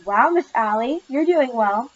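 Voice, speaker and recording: A patient female tutor from a storybook, cheering her student on, voiced by a woman reader. The voice sits a little high and gentle. The recording is somewhat dull and lo-fi. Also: lively intonation, unhurried. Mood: encouraging. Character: patient encouraging woman tutor teaching speech. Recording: slightly muffled lo-fi recording.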